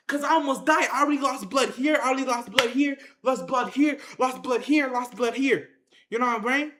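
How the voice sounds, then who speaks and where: A speaker telling a wild story to viewers in casual slang, acting out fights with shouted sound effects and repeated phrases. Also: high voice, fairly quick, reverberant. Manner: excited, acts out the action with sound effects and shouts. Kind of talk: animated tall-tale storytelling to viewers.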